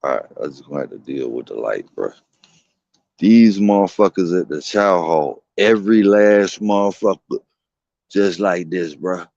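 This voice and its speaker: A man's voice: sits low, lively intonation, normal speed, creaky, darkish tone, no room sound. A man streaming from home, telling a long, rambling story in casual, slangy, profane talk. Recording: dull, dry lo-fi stream audio.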